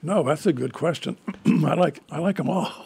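Gravelly, husky man, wry rambling talk. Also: fairly high pitch, moderate pace, a little mellow. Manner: rambling, wry, self-deprecating humor. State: frog in his throat. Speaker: event organizer guest. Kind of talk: casual radio interview.

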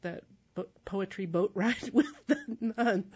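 An American woman recounting a trip with lively, laughing delivery. Her voice sits in an ordinary middle register. The recording is somewhat dull and lo-fi. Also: medium pitch, measured pace, breathy edge. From United States. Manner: animated, laughs while telling. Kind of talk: casual storytelling.

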